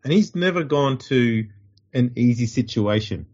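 A man's voice: mid-range voice, lively intonation, moderate pace, darkish tone, lo-fi sound. A man with an Australian accent co-hosting a podcast in blunt, profane casual sports chat. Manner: blunt and profane, mocking impressions. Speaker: podcast co-host.

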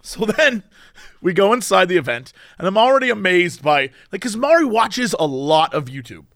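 High-voiced animated man telling stories. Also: moderate pace, no echo, clean studio sound. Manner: animated storyteller, acts out quoted dialogue. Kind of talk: casual chat.

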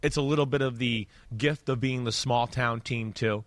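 A man's voice: mid-range voice, normal speed, no echo. A man co-hosting a sports talk show as a former player, talking loosely and acting out what players think. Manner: animated, loose, acts out players' thoughts.

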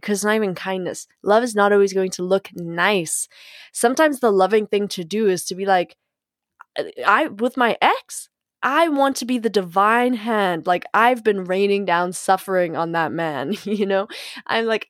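A woman talks straight into the mic in a dry, close recording. Her pitch sits in the middle range. She rambles, restarts and swears hard for emphasis, with an animated, unfiltered delivery in a casual podcast monologue. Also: moderate pace, no echo. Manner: frank, profanity-laced, animated emphasis; rambling with fillers and self-corrections. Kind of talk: candid personal monologue.

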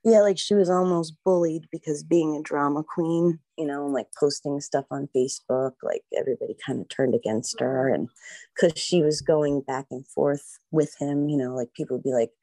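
Middle-aged american woman, low gravelly voice, rambly, lots of "like", dry close sound. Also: fairly even intonation, normal speed, mellow, no room sound. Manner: rambling, acts out quoted voices, lots of "like" and "you know". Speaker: mother of a missing girl, guest. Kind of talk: emotional interview talk.

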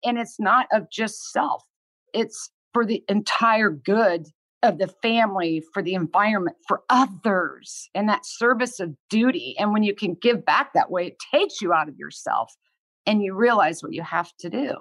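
Woman in her sixties, medium pitch, earnest and blunt, dry close sound. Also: lively intonation, normal speed, a bit bright, no echo. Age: 60s. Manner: earnest, heartfelt, swears freely. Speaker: guest. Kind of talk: candid podcast conversation.

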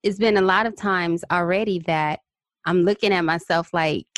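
Lady podcast host, kinda low voice, candid and chatty, dry close sound. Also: moderate pace, no echo. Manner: candid, chatty, shares personal stories. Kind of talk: conversational interview.

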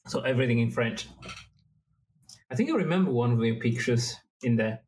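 A man hosting a casual interview, laughing often and teasing his guest with quick interjections. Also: medium pitch, lively intonation, a little mellow. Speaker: podcast host.

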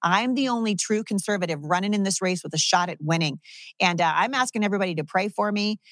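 A woman's voice: medium pitch, a bit bright, dry recording, clean studio sound. A woman running for Congress, talking in an emphatic, indignant way on a talk show. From Southwest Washington state. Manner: emphatic, indignant, rapid-fire. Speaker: political candidate guest. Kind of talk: campaign talk-show interview.

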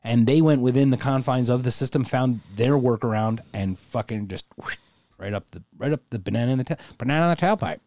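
A man co-hosting a casual podcast who jokes around in loose, profane banter, often breaking into laughter. His voice is dark and mellow, and it is recorded close and dry. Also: medium pitch, a little fast, dry recording. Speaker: podcast co-host. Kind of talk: casual chat.

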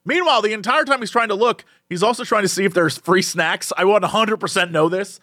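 A man's voice: high voice, brisk, dry recording, clean studio sound. A young man on a podcast, chatting casually as he tells a funny story, laughing often and acting out the people in it. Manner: animated, laughs often, acts out quoted people. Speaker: podcast co-host.

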